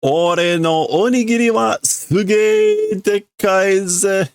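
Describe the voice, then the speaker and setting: A man reading aloud as a boastful, teasing grown man, in a raised, slow, careful voice. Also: sits high, very animated, gravelly, smooth, no room sound, studio quality, pitched above the performer's own voice, exaggerated voice. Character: boastful teasing adult man with huge rice ball.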